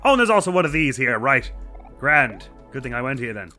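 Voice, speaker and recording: A young man with a bright, forceful voice talks through a video game in loose, chatty commentary. He is self-deprecating and laughs often, over faint game music. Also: medium pitch, big pitch swings, fairly quick. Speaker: let's play host. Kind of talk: casual gameplay commentary.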